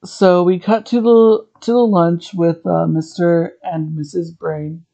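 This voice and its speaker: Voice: medium pitch, steady tone, takes it slowly, gravelly, mellow, dull audio. A podcast host recapping a TV episode in a chatty, rambling way, drifting into tangents.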